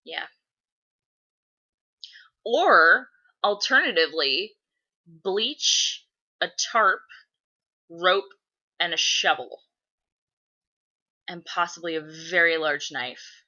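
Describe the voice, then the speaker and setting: Profane, animated woman telling a story. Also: lowish voice, drawn-out words, pauses often, lo-fi sound. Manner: animated, profane, acts out voices in her stories. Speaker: vlogger answering viewer questions. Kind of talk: casual storytelling to camera.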